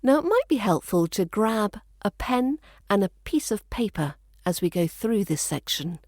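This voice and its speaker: A woman with a southern English RP accent teaching pronunciation, repeating each model word slowly and carefully. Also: mid-range voice, very animated, a little mellow, dry recording, studio quality. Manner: slow, deliberate, repeats model words. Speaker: accent coach. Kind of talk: pronunciation lesson.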